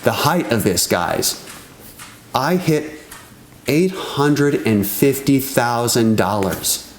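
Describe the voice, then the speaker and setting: A man vlogging, telling a story to camera in a casual, excitable way, swearing freely and calling his viewers "guys". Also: mid-range voice, takes it slowly, roomy sound, slight background noise. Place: outdoors at sunrise.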